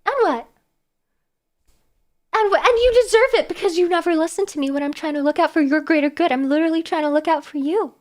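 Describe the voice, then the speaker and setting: A woman streamer talks casually to her chat in a high, bright-pitched voice. She is animated and quick to exclaim, with a playful mock-exasperation running through her talk. She is close on a streaming desk mic. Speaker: live streamer.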